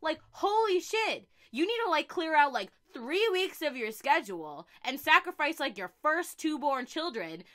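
High, bright-voiced woman ranting profanely. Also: very animated, normal speed, few pauses. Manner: profane, exasperated, swings into loud outbursts. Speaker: vlogger. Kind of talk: comedic rant to camera.

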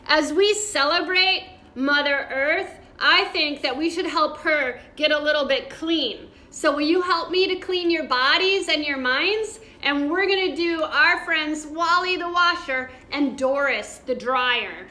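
Here a kids' yoga teacher talks her young class through their poses in a cheerful, encouraging sing-song. Her high-pitched voice is pushed and bright, keeping a measured pace with hardly any pauses, and the recording echoes roomily from a distance.

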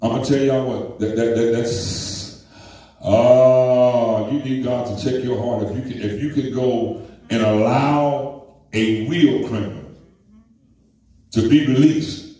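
A man's voice: mid-range voice, fairly even intonation, slow pace, dark tone. A man preaching a sermon, talking straight to the congregation and calling on members by name. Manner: conversational preaching with call-outs to congregation. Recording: very echoey church from a distance.

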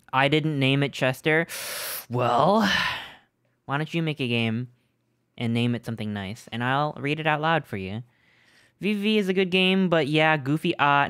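A man's voice: high-pitched, pushed and bright, clean tone, dry recording, studio quality. A man streaming a game live, chatting playfully, teasing viewers and greeting them by name from a home setup. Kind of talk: casual live-stream chat.

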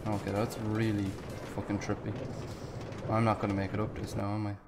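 A young man giving live gameplay commentary, excitable and often swearing as he talks to himself while playing. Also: lowish voice, brisk, over music. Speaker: gaming channel host.

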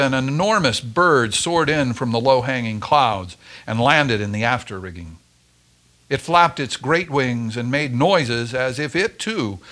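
Man reading a christmas story at church, really lively up and down, bright tone. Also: medium pitch. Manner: expressive, dramatic storytelling. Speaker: story reader at a church Advent service.

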